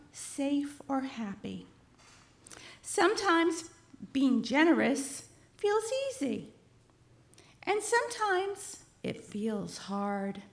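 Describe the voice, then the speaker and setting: A woman reading a children's story aloud at a church service, expressive and addressing her listeners. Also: sits high, vocal fry. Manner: animated, expressive, talks to listeners. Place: church sanctuary.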